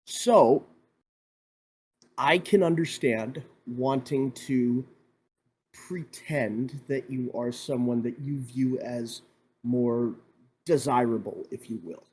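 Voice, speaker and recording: A man co-hosting a casual podcast, sharing measured, thoughtful reflections. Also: mid-range voice, a little mellow, breathy edge. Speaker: podcast co-host. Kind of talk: casual chat.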